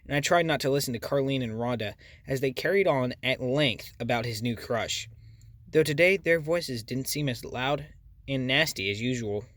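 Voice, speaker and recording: A man's voice: mid-range voice, normal speed, fairly bright tone, no echo. Dry, close male audiobook narrator. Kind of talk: first-person audiobook narration.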